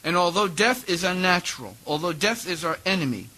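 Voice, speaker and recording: A man in his fifties giving a sermon to a congregation, telling personal stories with animated ups and downs in his voice. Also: high voice, fairly quick, rough recording. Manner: animated storytelling, rising and dropping his voice. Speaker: preacher giving a talk.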